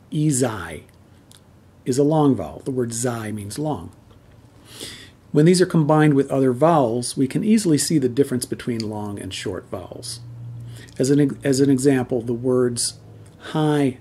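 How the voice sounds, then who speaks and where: A man's voice: medium pitch, warm tone, slightly rough. A man giving a recorded pronunciation lesson, explaining step by step with patience and drawing out sounds as demonstrations. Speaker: language teacher.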